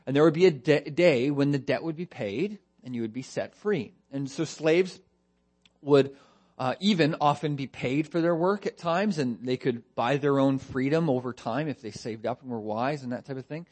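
A man's voice: medium pitch, normal speed, a little mellow. Man, pastor, expository sermon, earnest, rhetorical questions, emphatic phrasing.

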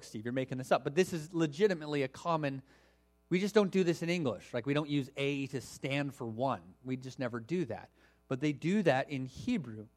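A man preaching a sermon to a congregation, teaching in a conversational, animated way with casual asides. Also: fairly high pitch. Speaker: pastor.

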